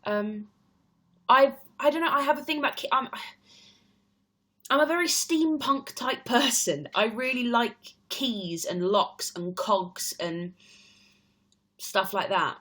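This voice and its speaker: A woman's voice: a little high, takes it slowly, pauses often, sharp tone. Chatty young Englishwoman streaming live. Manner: chatty, rambling, many fillers. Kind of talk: casual chat.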